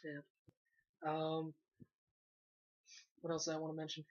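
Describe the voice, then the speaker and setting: An animated, sarcastic young man riffs through a casual movie review, swearing offhandedly as he mocks what he watched. The sound is dull and lo-fi. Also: on the high side, unhurried, long pauses. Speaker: movie reviewer, site host.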